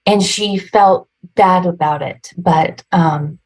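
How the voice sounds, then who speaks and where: Woman, 40s, podcast guest, husky, low-pitched, emotional rambling storytelling. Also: slow pace, a little mellow, low-quality recording. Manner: emotional, rambling retelling with nervous laughs. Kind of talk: personal storytelling in an interview.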